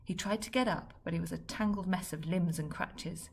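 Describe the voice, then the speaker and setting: Brief: woman storybook reader, low, raspy and gravelly, wry delivery. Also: normal speed, a little mellow. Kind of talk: children's book reading.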